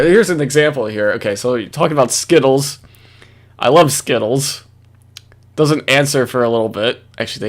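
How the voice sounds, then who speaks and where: A man hosting reaction commentary, ranting in a profane, exasperated way. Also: mid-range voice. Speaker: commentary host.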